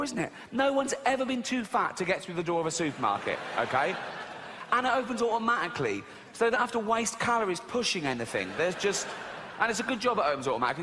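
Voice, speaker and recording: A man's voice: high voice, background noise. A man doing a stand-up routine on a live stage, ranting animatedly and mimicking silly voices, with the audience laughing. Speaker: stand-up comedian. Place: live stage in a large venue. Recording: live hall reverb.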